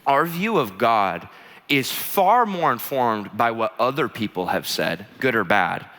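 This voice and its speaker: A man preaching a sermon, telling a story in an animated, chatty way with many fillers. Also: mid-range voice, measured pace. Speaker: pastor. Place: church auditorium. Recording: long church hall reverb.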